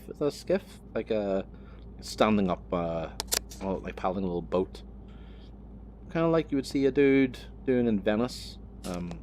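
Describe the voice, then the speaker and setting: A man with a low-pitched voice talks casually while driving, rambling from thought to thought. He swears often and laughs at himself. A faint hum sits under his voice. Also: darkish tone. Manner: rambling, swears freely, self-mocking. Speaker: vlogger. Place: driving a vehicle on the road.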